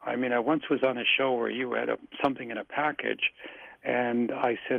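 A man with a deeply gravelly, fry-laden voice talks calmly and self-assuredly, coaching listeners step by step. He comes through a thin, tinny phone line, dry and close. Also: fairly quick, no echo. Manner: calm, instructive, repeats himself, self-assured. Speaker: psychic guest. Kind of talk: casual radio talk, coaching listeners.

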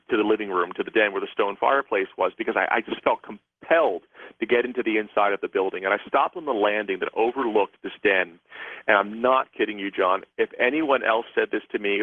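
A man's voice: on the low side, no echo. A man, a guest author and psychic, telling a rambling story with many restarts during a radio interview. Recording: tinny phone line.

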